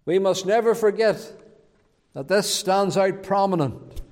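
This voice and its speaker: Slow-preaching man in a reverberant church. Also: high-pitched, a little mellow. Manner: measured preaching with repeated phrases. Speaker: pastor. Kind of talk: sermon.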